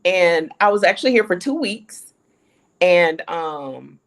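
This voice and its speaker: A woman from the United States telling a lively story in a casual chat, acting out the dialogue. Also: lowish voice, takes it slowly. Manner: animated storyteller acting out quoted dialogue, laughing often. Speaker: panelist sharing her relocation story.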